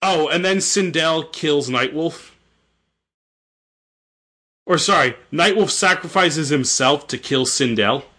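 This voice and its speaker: A man's voice: fairly high pitch, slow, long pauses, bright, forceful tone. A young man casually retelling a story, rambling, swearing and correcting himself. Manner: rambling, profane, self-correcting. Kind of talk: casual chat.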